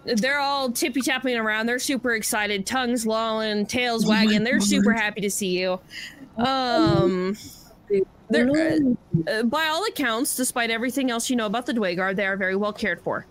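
Woman GM, slightly high voice, chatty, laughs a lot, faint hiss behind. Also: moderate pace, a bit bright. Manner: chatty, laughs often, many fillers. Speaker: game master. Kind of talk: narrating a tabletop game.

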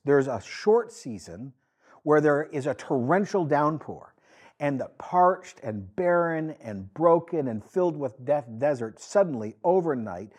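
Husky-voiced man preaching animated sermon. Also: a little high. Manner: animated, acts out quoted lines with rising emphasis. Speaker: pastor.

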